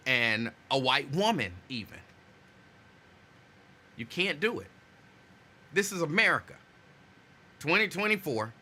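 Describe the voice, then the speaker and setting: A man hosting a casual live stream, greeting viewers by name and chatting loosely while saying his energy is low. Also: sharp tone, slight background noise. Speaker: host.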